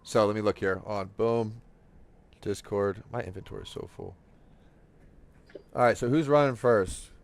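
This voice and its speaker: A man hosting a gaming podcast, telling stories in casual, profane, animated chat while he plays. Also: on the low side, moderate pace, long pauses. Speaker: streamer and podcast host.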